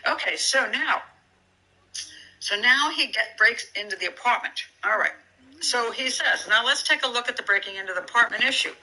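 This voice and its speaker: A woman's voice: medium pitch, sharp tone, slight background noise, low-quality recording. A woman giving casual commentary on a criminal case, reading from documents and thinking aloud with many restarts, incredulous and sarcastic. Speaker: true crime commentator.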